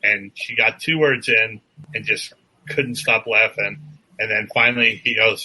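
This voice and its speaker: Older male podcast co-host, bright and husky, anecdotal, quick to laugh. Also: fairly low pitch, steady tone, rough recording. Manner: laughs often, tells anecdotes. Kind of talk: casual chat.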